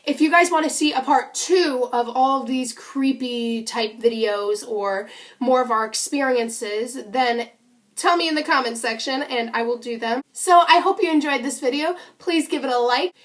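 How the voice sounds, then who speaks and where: Chatty young woman vlogger, slightly high. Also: moderate pace. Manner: chatty, animated storytelling with many "like"s. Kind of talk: casual storytime vlog.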